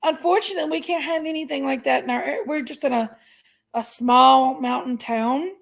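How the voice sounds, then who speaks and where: High gravelly woman venting. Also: normal speed. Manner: chatty storytelling, venting, thanks viewers. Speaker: livestream host. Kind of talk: casual livestream chat.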